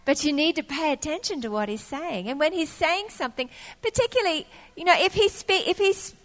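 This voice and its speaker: A woman preacher delivers a sermon in a high voice. She tells personal stories and acts out what she once said. Her voice carries a long reverb from a large church hall. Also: lively intonation, a little fast. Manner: storytelling with acted-out quotes of her younger self.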